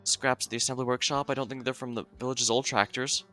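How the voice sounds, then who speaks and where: A man's voice: medium pitch, fairly even intonation, fast, sharp tone, faint music behind, close to an everyday voice. A man voicing a guarded young woman investigator, reading a game story aloud in a brooding, suspicious way. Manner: brooding, suspicious, then accusing.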